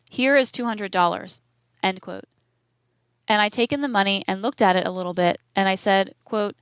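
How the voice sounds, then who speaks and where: A woman narrating an audiobook of court testimony in a measured, even manner, reading the quotation marks aloud. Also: medium pitch, clear, resonant tone, dry recording.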